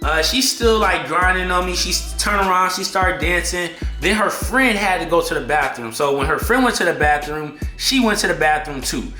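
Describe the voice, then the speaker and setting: A man vlogging an excitable storytime in heavy slang, acting out what people said. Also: high voice, normal speed, few pauses. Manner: slangy, excitable, acts out quotes. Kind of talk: animated storytime. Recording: echoey room, faint music behind.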